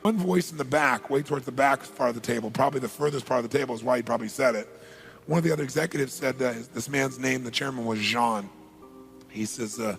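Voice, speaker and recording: A man giving a motivational talk, telling a story with animated, rising bursts. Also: medium pitch, quick pace, vocal fry, faint music behind. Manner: animated, builds to loud bursts. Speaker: motivational speaker.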